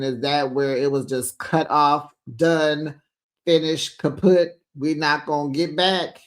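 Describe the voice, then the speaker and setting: Chatty reality-show recap host. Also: mid-range voice. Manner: chatty, retells scenes acting out quotes; addresses listeners as besties and honey. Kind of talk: casual recap commentary.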